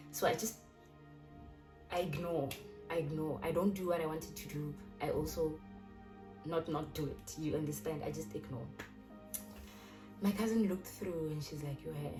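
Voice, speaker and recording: Young south african woman telling a story, chatty and animated, mic kinda far, music playing loud behind. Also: on the low side. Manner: chatty, animated, many restarts. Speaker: YouTuber. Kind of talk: casual storytelling.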